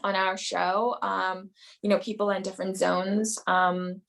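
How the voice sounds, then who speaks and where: Gravelly-voiced actress chatting in an interview. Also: female voice, mid-range voice, little pitch movement, measured pace, a bit bright. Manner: rambling, many "you know" and "um" fillers. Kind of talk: casual interview chat.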